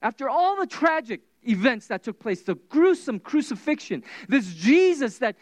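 A preacher giving a sermon, retelling scripture as animated storytelling with casual asides. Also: high-pitched, moderate pace, dry recording.

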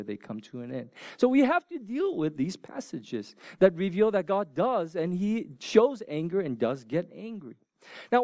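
A preacher delivers a sermon in a loose, conversational way, tossing rhetorical questions at the congregation and dropping pop-culture asides. The pitch rises and falls in lively swings. The voice sounds close and dry, with little room around it. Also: no room sound. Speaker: pastor.

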